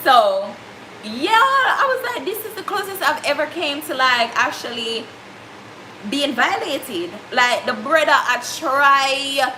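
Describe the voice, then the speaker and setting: A woman's voice: high-pitched, lively intonation, slow pace, sharp tone. A young Jamaican woman with a Jamaican accent, telling a story in casual chat and slipping into patois. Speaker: vlogger. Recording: echoey room, faint background noise.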